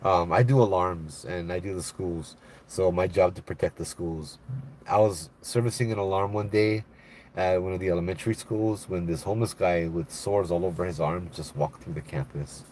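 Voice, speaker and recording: A middle-aged man with a Hawaiian Pidgin-tinged accent, chatting casually on a live stream and telling stories, laid-back and animated when he quotes people. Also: low voice, moderate pace, a little hiss or hum. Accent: Hawaiian Pidgin-tinged English. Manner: laid-back, animated when quoting others, laughs often. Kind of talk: casual live chat storytelling.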